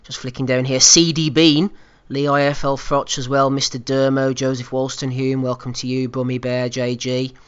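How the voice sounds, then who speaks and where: A man's voice: medium pitch, flat delivery, moderate pace, clean tone. Male podcast host, chatty and teasing, mid-range voice, muffled line. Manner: chatty, teasing, reads out listener names. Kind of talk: casual podcast hosting. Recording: muffled online call audio.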